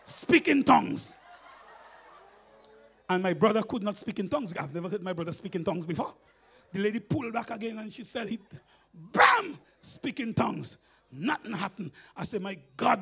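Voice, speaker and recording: A man with a Grenadian accent preaching a sermon in church, telling a story with laughter and building to shouts. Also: sits high, brisk, gravelly, slightly rough.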